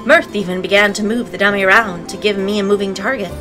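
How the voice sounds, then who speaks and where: A woman's voice: medium pitch, steady tone, fast, music in the background, poor audio. A woman narrating a visual novel aloud as a let's play, breaking in with sarcastic, playful asides. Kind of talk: reading game text aloud with commentary.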